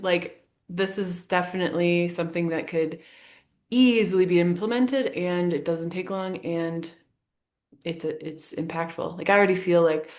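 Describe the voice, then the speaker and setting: A woman hosting a podcast, enthusiastic and affirming, laughing often in casual conversation. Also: on the low side. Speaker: podcast host.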